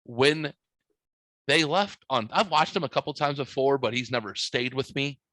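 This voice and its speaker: Bright-voiced profane storytelling man. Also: medium pitch, normal speed, dry recording, low-quality recording. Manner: profane, joking smart-aleck storytelling. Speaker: podcast host. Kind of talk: casual storytelling.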